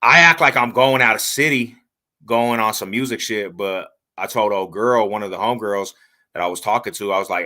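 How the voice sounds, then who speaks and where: Bright-voiced man telling slangy stories. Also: on the low side, a little fast. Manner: animated, slangy, laughs while telling stories. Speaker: podcast host. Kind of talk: casual storytelling chat.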